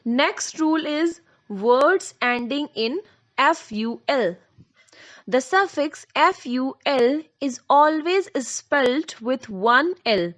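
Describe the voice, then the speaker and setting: Slow, patient woman teacher, somewhat high-pitched, repeats each spelling rule. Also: expressive, fairly bright tone. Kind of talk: explaining spelling rules to learners.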